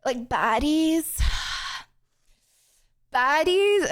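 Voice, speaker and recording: A young woman streams and chats loosely with her viewers, rambling and giggling. Her voice sits high and bounces all over the place, with plenty of "like" and "bro" along the way. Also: expressive, slow, pauses often, a little hiss or hum. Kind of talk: casual chat answering chat questions.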